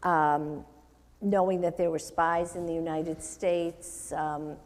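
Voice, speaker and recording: A woman's voice: low voice, fairly even intonation, slow pace, a little mellow. A woman rabbi interviewing an author in front of an audience, asking thoughtful questions with hesitant ums. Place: synagogue hall before an audience. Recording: long reverb of a hall.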